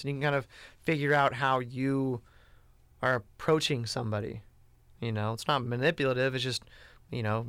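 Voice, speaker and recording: A man's voice: medium pitch, a bit bright, smooth, no room sound, clean studio sound. A man talking casually and bluntly in a rambling way, with lots of "you know" and "like". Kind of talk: casual chat.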